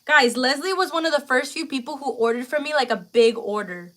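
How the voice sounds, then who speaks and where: A woman's voice: high voice, fairly quick, fairly bright tone. A young woman hosting a casual live stream, talking to her viewers in a chatty, slangy way and close to tears. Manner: chatty, full of fillers and slang. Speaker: livestream host.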